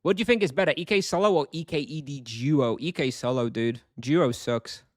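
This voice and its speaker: A man's voice: a little high, fairly quick, dry recording, studio quality. Chatty man streaming a game. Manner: thinks aloud, chatty, answers chat. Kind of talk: casual live-stream commentary.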